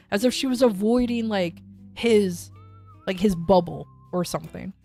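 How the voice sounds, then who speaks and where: A young woman streamer telling a story in a casual, rambling way, with restarts and casual swearing. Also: medium pitch.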